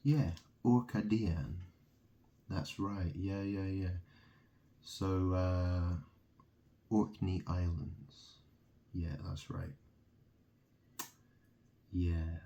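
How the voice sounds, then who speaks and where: A man's voice: sits low, takes it slowly, mellow. A man from England delivering a rambling solo monologue, ranting and mocking, swearing freely.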